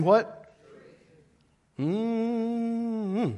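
Lively high-voiced preaching man. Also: moderate pace. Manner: lively, calls congregation to respond. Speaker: pastor. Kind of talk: sermon.

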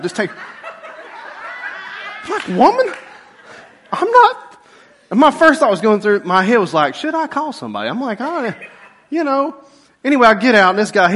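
A middle-aged man, a pastor, telling a funny personal story in a sermon and swinging from loud outbursts to hushed asides. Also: sits high. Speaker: pastor and police chaplain.

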